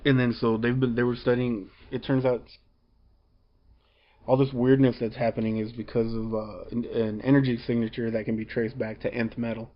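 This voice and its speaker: A man's voice: medium pitch, flat delivery, moderate pace. Rambling man recapping comics, dull audio. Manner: rambling, with frequent fillers and restarts. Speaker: comic book reviewer.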